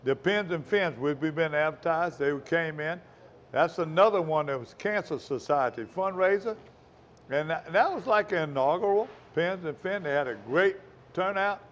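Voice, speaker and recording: Folksy fishing show host. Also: male voice, fairly high pitch, moderate pace, muffled recording, slight background noise. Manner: rambling, folksy, talks with mouth full. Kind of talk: casual chat.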